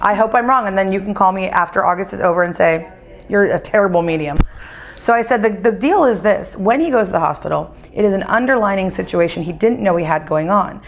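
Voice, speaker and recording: A woman's voice: mid-range voice, brisk, creaky. A woman, a psychic medium, telling stories in casual conversation and acting out the dialogue as she goes. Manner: animated, acts out quoted dialogue. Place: winery.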